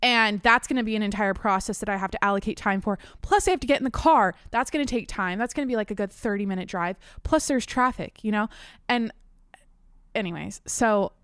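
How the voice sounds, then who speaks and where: A woman's voice: medium pitch, a little fast, clean tone, no room sound, clean studio sound. Profane young woman venting on her podcast. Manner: animated, profane venting with frequent restarts. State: slightly out of breath. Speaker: podcast host. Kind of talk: casual ranting monologue. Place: home studio at her desk. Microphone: desk microphone.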